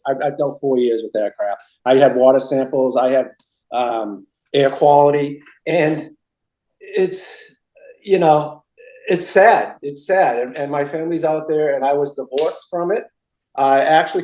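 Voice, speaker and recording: A middle-aged Massachusetts man rambles through stories in a casual interview, with lots of repetition and restarts. The voice leans high and dark, and the low-quality recording is reverberant.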